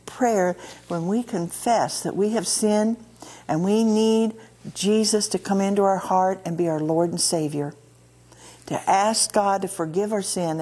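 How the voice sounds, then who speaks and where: A woman with a Midwestern American accent hosting a TV ministry and teaching from the Bible, earnest, slowing down and repeating key words of scripture. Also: mid-range voice, a little mellow, breathy edge. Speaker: TV ministry host. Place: TV studio.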